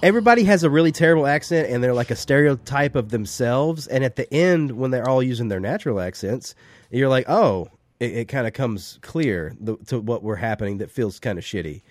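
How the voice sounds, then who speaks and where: A man's voice: medium pitch, animated, brisk, dry recording. A man co-hosting a podcast, rambling and restarting sentences as he discusses a film, swearing casually. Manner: rambling, hesitant, profane. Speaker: podcast co-host.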